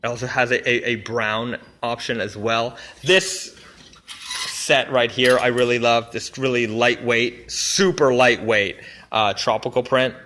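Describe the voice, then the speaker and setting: Man, casual live-stream chat, rambling and excited, bright crisp tone, mid pitch. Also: unhurried, slight background noise. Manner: enthusiastic, rambling, many fillers and restarts. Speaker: brand representative showing new products. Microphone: phone or camera mic on a live stream.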